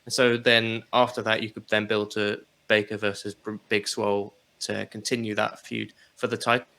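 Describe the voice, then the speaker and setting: Male co-host, bright tense tone, animated casual chat about wrestling. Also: fairly low pitch, normal speed, creaky. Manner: animated, laughs, swears casually. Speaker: podcast co-host.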